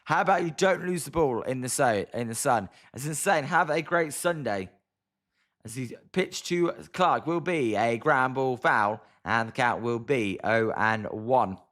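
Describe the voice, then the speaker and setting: A British man gives casual play-by-play of a ball game on a live stream, sounding exasperated and chatty as he reads viewer comments aloud and answers them. His voice is medium-pitched, fairly bright, and unhurried.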